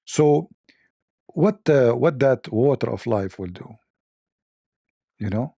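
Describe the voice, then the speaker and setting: A man's voice: medium pitch, lively intonation, takes it slowly, creaky, warm tone, slightly rough, dry recording, studio quality. A man hosting a mocking commentary on religion, sarcastic, repeating his phrases and laughing at his own jokes. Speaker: show host.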